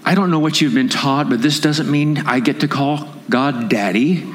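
A man's voice: a little high, moderate pace, slight background noise. A man preaching a sermon as pastor at a conference, impassioned and rising into emphatic raised appeals. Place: conference hall. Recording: long hall reverb.

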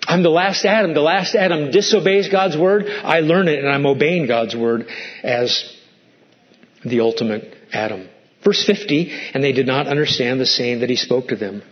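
A man's voice: medium pitch, moderate pace, muffled recording. A male pastor preaching a sermon, asking the congregation pointed rhetorical questions and acting out quoted lines in a raised voice.

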